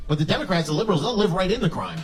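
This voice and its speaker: A man's voice: high voice, expressive, racing, a faint crowd. A man doing a stand-up comedy set, crude and mocking, swearing often. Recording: noisy live show recording.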